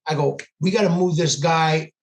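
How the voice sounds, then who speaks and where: A man's voice: fairly high pitch, steady tone, moderate pace. A man, a police sergeant on a podcast, telling a story intensely and acting out what people said. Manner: intense, quotes dialogue as he tells it. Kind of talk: casual storytelling. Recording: echoey room.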